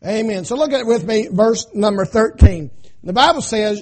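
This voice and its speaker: High-pitched male pastor preaching, call-and-response cadence, builds to shouting. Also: lively intonation, moderate pace. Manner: preacher cadence, frequent "amen?" call-outs; rising to shouting at climaxes. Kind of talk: sermon.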